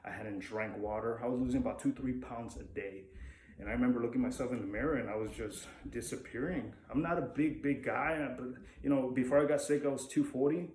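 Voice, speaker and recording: A man's voice: medium pitch, a little fast, darkish tone, a little hiss or hum. A young man from Mexico telling a personal story in a candid, rambling way, swearing freely. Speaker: vlogger. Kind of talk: casual storytelling to camera. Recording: echoey room with faint ambience.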